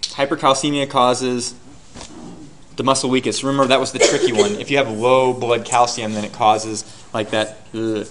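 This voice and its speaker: A man teaching a class, lecturing and quizzing his students with rapid questions and answering them himself. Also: mid-range voice, fairly even intonation, noisy background.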